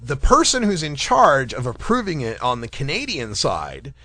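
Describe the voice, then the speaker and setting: A man's voice: mid-range voice, wildly swooping pitch, moderate pace, sharp tone, no room sound. A man hosting a casual cannabis talk radio show, rambling and jokey, laughing often. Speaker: podcast host.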